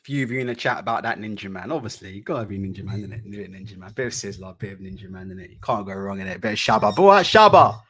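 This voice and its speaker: A man hosting a live boxing chat stream from home, talking casually, repeating himself, swearing freely and laughing loudly. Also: sits low, steady tone, very fast, few pauses, husky. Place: home room.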